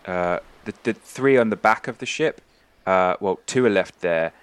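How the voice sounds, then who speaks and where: Man as game master, deep, rambling narration. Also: normal speed, smooth, no room sound. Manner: loose, rambling, full of fillers.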